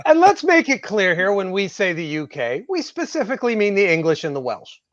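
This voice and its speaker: A man's voice: high voice, big pitch swings, brisk, a bit bright, no echo, lo-fi sound. A man co-hosting a podcast, blunt and joking in casual chat. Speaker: podcast co-host.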